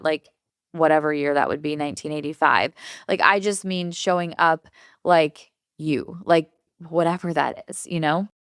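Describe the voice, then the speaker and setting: Female podcast host, smooth lower voice, dry close sound, breezy chatty advice delivery. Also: no echo. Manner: chatty, upbeat, heavy use of "like", laughs often. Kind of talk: casual solo podcast advice.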